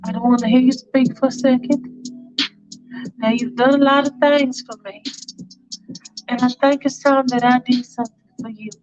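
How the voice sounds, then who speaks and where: A woman's voice: high-pitched, steady tone, normal speed, pauses often, darkish tone, muffled recording, faint music behind, voice pushed up, lightly acted. A woman putting on a bold, bossy lover's voice. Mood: teasing commanding. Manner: commanding, playful. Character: bold, teasing grown woman taking charge.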